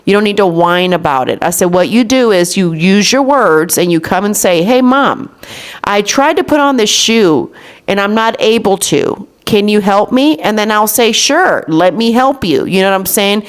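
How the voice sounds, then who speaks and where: Woman, 30s, podcast host, casual storytelling chat, mid-range pitch. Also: animated, normal speed. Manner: chatty, retells talks with her daughter, says "you know what I'm saying" often.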